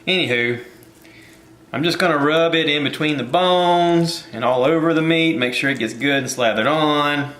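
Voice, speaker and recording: Bright-voiced joking man in an echoey kitchen. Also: a little high, moderate pace. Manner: rambling, jokey, self-deprecating. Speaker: cooking video host. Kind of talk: casual cooking vlog.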